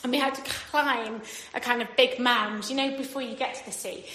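A woman with a bright, high voice tells a funny story to a live audience. She is animated, laughs often, and acts out the voices of everyone in it. Her voice rings in an echoey room. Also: normal speed. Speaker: speaker.

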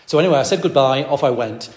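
A man preaching a sermon as a vicar, telling a story in a lively way and repeating phrases for emphasis. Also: mid-range voice, fast talker. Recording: echoey hall, long reverb.

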